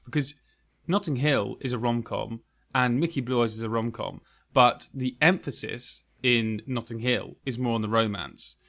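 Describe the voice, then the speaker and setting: A man in casual podcast chat who reviews films bluntly and with gusto. His voice sits at an ordinary middle pitch. He talks in an animated way and does not mind swearing. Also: normal speed, vocal fry. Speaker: podcast co-host.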